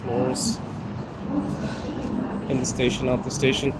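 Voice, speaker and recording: A man's voice: mid-range voice, monotone, takes it slowly. A man hosting a casual live stream while walking through a metro station, chatting directly to his viewers and recording on a handheld phone. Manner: chatty, talks straight to viewers. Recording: loud background noise from the metro. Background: metro and street noise.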